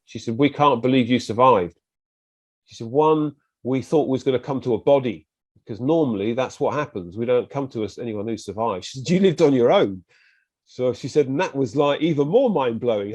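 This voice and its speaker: In casual podcast conversation, a British guest with a medium-pitched voice briskly and vividly retells what happened, acting out other people's quotes in animated bursts. He has a British English accent, and the audio is dry.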